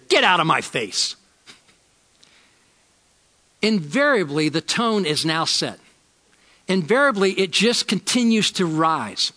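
A man preaching a sermon as a pastor, telling a personal story and repeating key lines slowly for emphasis. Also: sits high, in a large hall. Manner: storytelling, shifts from loud emphasis to slow, quiet lines.

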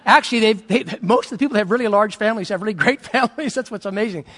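A man's voice: high-pitched, rapid-fire. A man preaching a sermon as a pastor in church, telling stories and acting out family arguments. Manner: animated storytelling, acts out family quarrels.

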